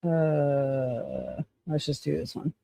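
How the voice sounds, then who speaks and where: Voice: mid-range voice, huge pitch swings, slow, gravelly, mellow, dry recording. Profane, chatty live-stream host. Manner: profane, chatty, laughing, thinking aloud. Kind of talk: casual live-stream commentary.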